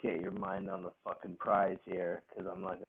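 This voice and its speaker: Podcast co-host, male, gravelly and husky, slow and profane, tinny phone-line audio. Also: deep voice. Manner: profane, animated, laughing rants. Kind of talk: casual wrestling chat.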